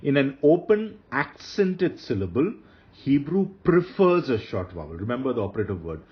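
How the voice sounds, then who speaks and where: A man teaching a grammar lesson, his pitch rising and falling in a lively, emphatic way. He repeats each rule slowly so students will remember it. The recording is a dull, lo-fi voice-over. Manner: slow, repeats key rules for emphasis. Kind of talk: slide-based grammar lecture.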